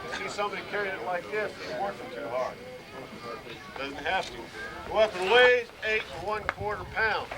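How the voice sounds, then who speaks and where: A man giving an outdoor reenactment demonstration, explaining rifle drill steadily and barking out commands. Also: fairly high pitch. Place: outdoors at a historic fort. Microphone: camcorder from a distance. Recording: noisy outdoor camcorder audio.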